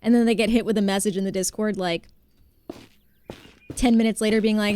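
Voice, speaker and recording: A woman's voice: mid-range voice, steady tone, a little fast, long pauses, dark tone, smooth. A woman streaming a game live, chatting casually, laughing often and answering her chat as she plays.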